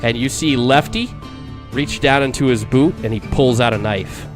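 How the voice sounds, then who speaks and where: A man narrating a tabletop game as game master, casual and halting, often repeating words. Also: mid-range voice, over music.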